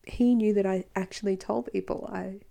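A woman speaks frankly and earnestly as she hosts a podcast, recounting her own experience. Her voice is warm and mellow, with a gravelly fry running through it. Her delivery is personal and conversational, with quick asides. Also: medium pitch, steady tone. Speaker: podcast host. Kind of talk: personal storytelling monologue.

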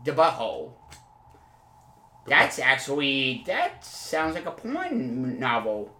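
A man hosting an improvised comedy podcast, rambling and halting with many fillers before turning suddenly emphatic. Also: mid-range voice, huge pitch swings, bright, forceful tone, roomy sound. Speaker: podcast host.

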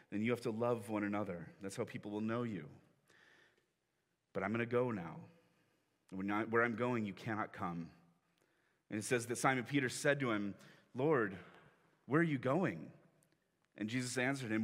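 A man's voice: on the low side, a bit bright. Conversational male pastor in a reverberant hall. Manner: conversational storytelling, acting out quoted lines with laughs. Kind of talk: sermon. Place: church sanctuary.

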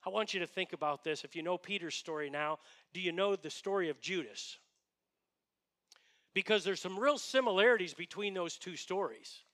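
Bright-voiced earnest male pastor. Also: high voice. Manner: earnest, emphatic, with rhetorical questions. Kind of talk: sermon.

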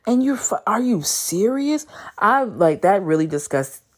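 Young woman ranting on her vlog, cussing a lot, voice jumping all over when she can't believe it. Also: a little slow. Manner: animated, profane, exasperated storytelling with sudden high squeals of disbelief. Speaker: vlogger. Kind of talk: casual storytelling rant.

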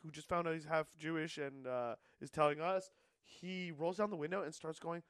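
A man, a stand-up comedian, telling stories in casual podcast chat and breaking into loud character voices. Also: a little high, fairly even intonation, normal speed, smooth, dry recording.

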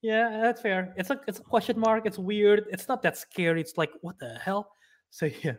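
A young man co-hosting a podcast, rambling as he retells scenes and tosses in quick acted-out quotes. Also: sits high. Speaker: podcast co-host. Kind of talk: casual chat.

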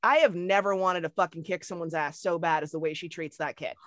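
A woman co-hosting a podcast in casual chat, talking fast and animatedly with frequent swearing. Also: on the low side, no room sound, clean studio sound. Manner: animated, profane, quick-talking. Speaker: podcast co-host.

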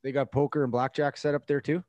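A man's voice: medium pitch, little pitch movement, fast, a little mellow, no room sound, lo-fi sound. A man co-hosting a podcast, playful and teasing in conversation. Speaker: podcast co-host. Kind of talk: casual interview chat.

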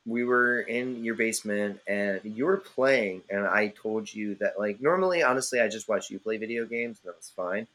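A man's voice: fairly low pitch, normal speed, few pauses, fairly bright tone, poor audio. A man hosting a podcast, chatting casually with an old friend in a rambling, jokey way and swearing freely. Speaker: podcast host. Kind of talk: casual chat among friends.

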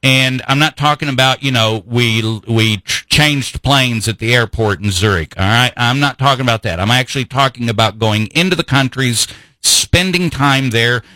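A man's voice: medium pitch, moderate pace, pushed and bright, dry recording, rough recording. A man hosting a talk radio show, delivering an impassioned political monologue full of rhetorical questions. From grew up in Vienna.

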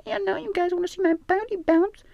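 A man putting on a coy falsetto social media tease. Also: fairly even intonation, a little fast, gravelly, a little mellow, dry recording, lo-fi sound. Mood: coy teasing. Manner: high mocking falsetto. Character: teasing male social media poser, falsetto.

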